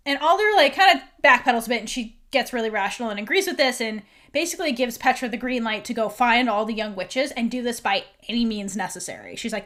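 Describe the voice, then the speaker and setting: A woman's voice: fairly high pitch, expressive, fast, few pauses, fairly bright tone. A woman podcast host recapping a TV episode in a chatty way, full of "like" and half-acted lines from the characters.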